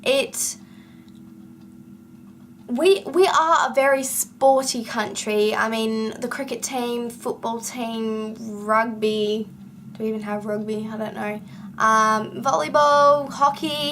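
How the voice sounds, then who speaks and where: A woman's voice: a little high, fairly even intonation, slow, a bit bright, a little hiss or hum. An Australian woman chatting casually to camera as a vlogger, with lots of ums and sentences that rise at the end. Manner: chatty with frequent ums and rising ends of sentences.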